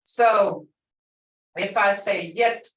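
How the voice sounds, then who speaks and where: A woman's voice: fairly low pitch, animated, slow pace, fairly bright tone. An older woman teaching a language lesson, stretching out example words for emphasis. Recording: echoey room, voice far from mic.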